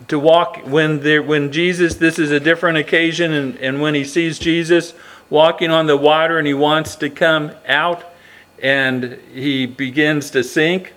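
A man's voice: on the high side, fairly bright tone. A man preaching a sermon, reading scripture and asking earnest rhetorical questions, with frequent restarts.

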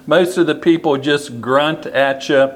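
A man preaching a sermon, slow and deliberate, repeating key phrases for emphasis. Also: on the high side, fairly even intonation.

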